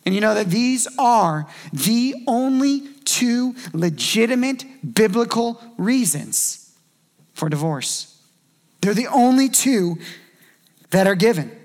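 Preaching slowly in a loose, conversational way, a pastor uses a voice that sits high for a man yet sounds gravelly and darkish, with big pitch swings. Short acted-out quotes help drive his points home.

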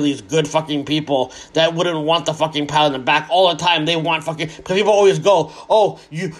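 A man's voice: fairly high pitch, fairly bright tone. A man in an angry, heavily profane solo rant. He is sarcastic and keeps repeating words as he restarts his sentences.

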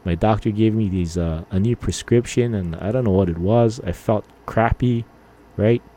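A man's voice: lowish voice, normal speed, dark tone. A man in his fifties hosting a podcast, chatting casually and rambling with mild swearing and lots of filler words. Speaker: podcast host.

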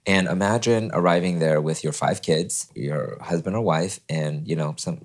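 Man, forties, from California, low voice, podcast guest, animated storytelling. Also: normal speed. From California, USA. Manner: animated, acts out quoted people with sudden high voices. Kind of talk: personal storytelling in a podcast interview.

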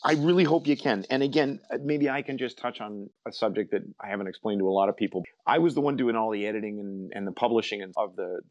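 A man's voice: lowish voice, quick pace, hardly any pauses, darkish tone, dry recording, muffled recording. A man hosting a podcast, chatting casually and reminiscing with friends in a rambling way. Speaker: podcast host. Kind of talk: casual group chat.

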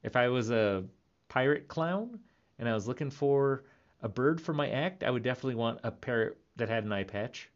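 A man's voice: medium pitch, animated, normal speed, highs cut off. A man in his thirties rambling playfully in a casual monologue, laughing often. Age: 30s. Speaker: vlogger.

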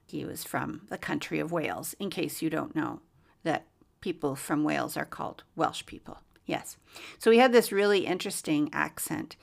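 A woman hosting a faith podcast, telling a personal story in a lively way and laughing often. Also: low-pitched, normal speed, creaky. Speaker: podcast host.

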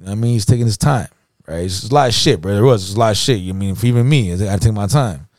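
Casual male podcast co-host, mid-pitched, rambling slangy storyteller, close dry studio sound. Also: quick pace, darkish tone, no echo. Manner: slangy, profane, repeats "you know what I mean".

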